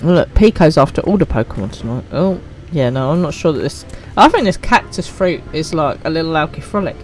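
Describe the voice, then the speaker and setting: A woman's voice: low voice, animated, brisk, a little mellow, faint music behind, low-quality recording. A woman streaming a game, chatting casually and teasing herself. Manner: chatty, self-mocking. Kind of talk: casual gameplay commentary.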